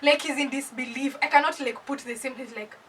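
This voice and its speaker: A young woman from Kenya with a Kenyan accent, telling a personal story in an animated, casual storytime voice that mixes English with Swahili slang. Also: high voice, brisk, distant mic, a little hiss or hum, low-quality recording.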